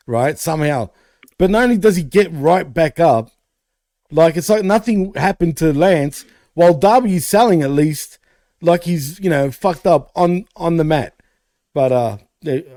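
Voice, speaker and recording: A man's voice: fairly high pitch, warm tone, dry recording, clean studio sound. A man co-hosting a wrestling podcast in casual chat, laughing often and swearing. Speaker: podcast co-host.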